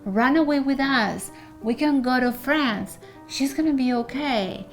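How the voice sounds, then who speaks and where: A woman's voice: sits high, measured pace, soft background music, pitched above the performer's own voice. A woman voicing a meddling sister who coaxes someone to run away. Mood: coaxing. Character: meddling, scheming sister urging escape.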